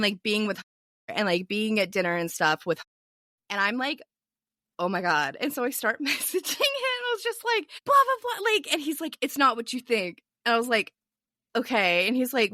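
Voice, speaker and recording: Young woman podcast guest, animated storyteller, bright tone, dry close sound. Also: mid-range voice, dry recording. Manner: animated storyteller, quotes others in a lively voice. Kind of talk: casual storytelling chat.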